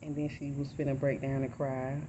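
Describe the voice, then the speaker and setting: Soft-spoken woman vlogging over insect noise. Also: a bass voice, flat delivery, a little fast. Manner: rambling, heartfelt, soft-spoken. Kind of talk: candid personal vlog. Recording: dull lo-fi audio with loud insect noise.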